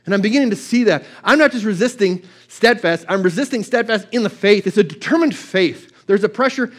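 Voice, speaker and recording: A man with a notably high voice delivers a fervent sermon. He presses each point home, circling back to the same scripture line over and over. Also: animated, brisk. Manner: impassioned, repeats scripture over and over. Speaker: pastor.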